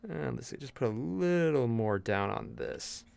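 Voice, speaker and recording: Lively, jokey young streamer guy. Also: a little high, creaky, smooth, no room sound. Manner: animated, jokey, chatty with viewers. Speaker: miniature painting streamer. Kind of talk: casual live-stream chat.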